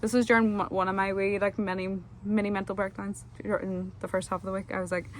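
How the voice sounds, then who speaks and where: A woman's voice: medium pitch, level tone, fast talker, slight background noise. A young woman, telling a casual, rambling vlog story full of fillers. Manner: chatty, rambling, lots of fillers. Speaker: vlogger.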